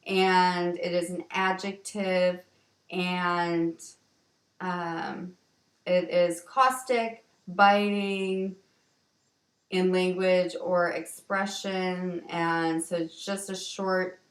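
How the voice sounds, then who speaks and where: A woman teacher walking students through vocabulary words in a slow, explanatory way, with ums and restarts. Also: mid-range voice. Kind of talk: vocabulary lesson walkthrough. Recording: roomy, distant from the mic.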